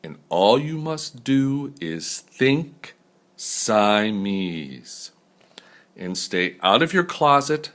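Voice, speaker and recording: A man's voice: lowish voice, very animated, slow, a bit bright, full character voice. Brief: firm mother cat, scolding and coaxing, read by an older man.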